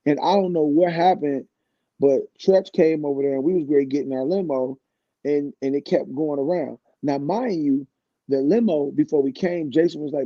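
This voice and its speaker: A man in his fifties, a guest singer on a radio show, casually tells a long story, laid-back and rambling with frequent restarts. His voice is a little high and moderately paced, and the recording is dry and muffled.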